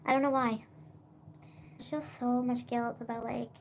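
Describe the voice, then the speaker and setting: Young woman streamer, high voice, rambly and profane, light background hiss. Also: level tone, normal speed. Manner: rambling, full of "like" and swearing. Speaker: livestreamer. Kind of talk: casual livestream chat.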